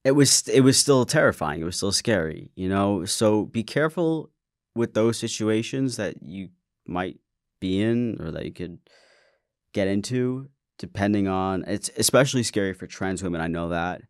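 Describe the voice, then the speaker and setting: A podcast host with a fairly low, expressive voice tells a personal story on his own show, speaking at a moderate pace. He is candid and casual, swearing and stammering along the way. The recording is dry and studio quality.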